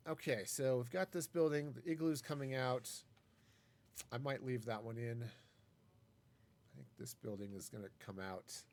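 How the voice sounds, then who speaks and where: A man's voice: mid-range voice, measured pace, pauses often, a little mellow, a little hiss or hum. A man casually talking through a live game stream, wry and self-mocking as he rambles. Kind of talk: casual gameplay commentary.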